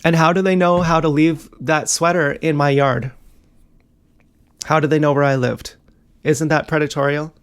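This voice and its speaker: A man's voice: on the high side, fairly even intonation, moderate pace, long pauses, a bit bright, smooth. A young man talking in a rambling, agitated monologue, swearing often and jumping between worries. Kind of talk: casual monologue vlog.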